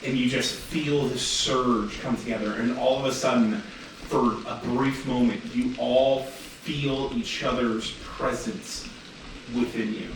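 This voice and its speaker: A man's voice: mid-range voice, fairly even intonation, slow. A man narrating as game master of a tabletop role-playing game, describing scenes loosely and casually. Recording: echoey room, distant mic, noisy.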